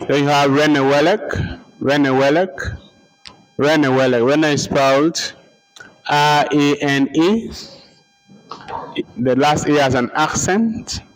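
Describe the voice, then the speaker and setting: Slow-paced male lecturer spelling out names. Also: on the high side, poor audio. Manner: repeats names and spells them out letter by letter. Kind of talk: slow dictation-style lecture.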